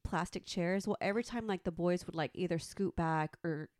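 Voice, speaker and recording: A woman in her thirties telling a story in casual chat, animated and profane, acting out the quotes. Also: on the low side, normal speed, dry recording, studio quality. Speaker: podcast co-host.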